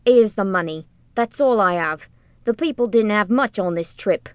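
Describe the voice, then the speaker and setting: A greedy, bossy tax collector barks his lines loudly, a pushy man used to getting his way, as a woman narrator puts him on. The storybook voice stays close and dry. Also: medium pitch, lively intonation, moderate pace, smooth, no echo, lightly acted. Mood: pleading. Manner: loud, barking orders.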